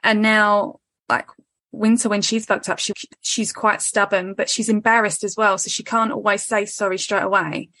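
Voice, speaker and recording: A woman's voice: medium pitch, level tone, moderate pace, pushed and bright, dry recording. A woman, hosting a casual podcast chat, candid and swearing freely as she acts out what others say. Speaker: podcast host.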